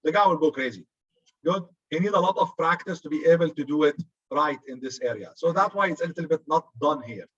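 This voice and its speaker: Arabic-accented guy lecturing, kinda high voice, jokey, dull lo-fi recording. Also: expressive, brisk, a bit bright, husky. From Arab region. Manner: chatty, joking, says "good" often. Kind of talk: classroom lecture.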